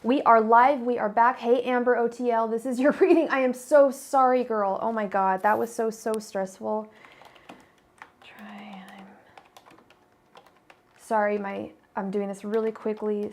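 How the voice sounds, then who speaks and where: Chatty gravelly-voiced woman reading tarot. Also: a little high, steady tone, moderate pace, slight background noise. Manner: chatty, apologetic, full of fillers and restarts. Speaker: tarot reader. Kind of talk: casual livestream tarot reading.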